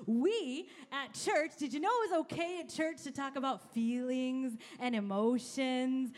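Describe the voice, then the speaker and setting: Woman pastor, high voice, energetic and conversational sermon delivery, talks straight to the congregation. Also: a little slow.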